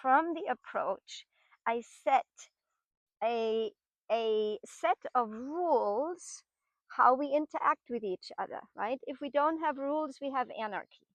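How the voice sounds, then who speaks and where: Casting note: middle-aged woman, horse trainer, patient teaching tone, slightly high voice, dry close sound. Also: expressive, a little slow, no echo. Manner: patient, explanatory, with frequent tag questions. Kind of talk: explanatory teaching talk while working horses.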